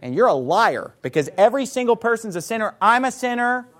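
A fiery, animated male preacher. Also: a little fast. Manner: fiery, denouncing preaching with scripture quotes; animated pitch swings for emphasis. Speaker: pastor. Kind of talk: sermon.

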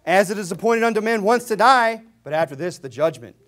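A man preaching a sermon, swinging between low asides and loud, emphatic readings of scripture, mocking the views he argues against. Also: lively intonation, brisk. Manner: mocking, mimics opponents' views.

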